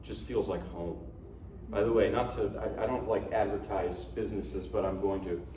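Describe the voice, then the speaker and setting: A man's voice: lowish voice, steady tone, normal speed, mellow. A man introducing his pieces at a piano recital, chatty, rambling and poking fun at himself. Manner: rambling, chatty and self-deprecating. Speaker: pianist giving a recital. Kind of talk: casual spoken introduction between pieces. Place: recital hall. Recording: echoey hall, distant mic, faint noise.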